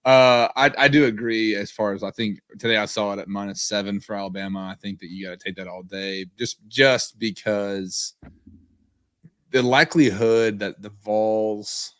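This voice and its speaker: A laid-back man co-hosting a sports podcast, rambling and hedging as he talks. His voice is fairly low, and the room around him sounds dry and close. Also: steady tone, normal speed, a bit bright, no room sound. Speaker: podcast co-host. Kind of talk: casual sports chat.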